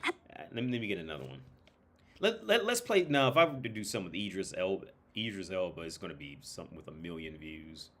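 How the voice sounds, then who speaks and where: A man's voice: sits low, big pitch swings, fast, fairly bright tone. A man hosting a livestream in a casual, rambling, profane style, full of fillers, who breaks into imitations of British and Irish accents. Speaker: livestream host.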